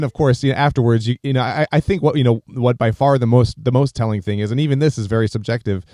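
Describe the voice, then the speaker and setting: American man, mid-pitched voice, halting, animated, dry close mic. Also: dry recording. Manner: halting, animated, many restarts. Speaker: podcast co-host. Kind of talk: casual chat.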